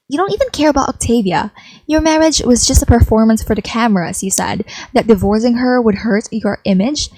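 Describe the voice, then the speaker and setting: A woman's voice: fairly high pitch, a little mellow, no echo, low-quality recording. A woman voicing a scheming, jealous young woman who rants theatrically in a dry, close recording. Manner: theatrical, ranting, emotional.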